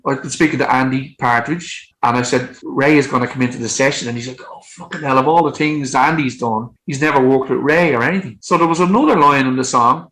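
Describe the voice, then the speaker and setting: A man in his fifties, a songwriter guest telling lively anecdotes in casual chat and acting out what people said. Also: mid-range voice, rough recording. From Ireland. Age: 50s. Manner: animated, acts out quotes, frequent swearing.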